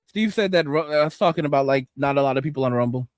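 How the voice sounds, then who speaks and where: A man with a medium-pitched voice talks rapid-fire, with no echo. Hosting a livestream, he rants profanely, rambles, stammers into restarts, speaks right to his viewers and reads out comments from chat.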